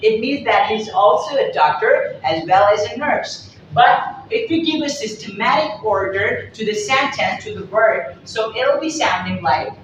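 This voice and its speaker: A woman from Pakistan explaining English accents to viewers as a teacher, repeating herself and pausing on fillers. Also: fairly high pitch, expressive. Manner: repetitive, explanatory, frequent fillers. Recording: very echoey room, distant mic, dull sound, faint noise.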